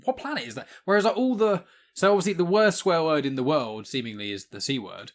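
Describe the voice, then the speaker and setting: A man's voice: fairly high pitch, a little fast. An English man hosting a casual podcast, chatty and musing aloud, often ending with tag questions. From England. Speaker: podcast host.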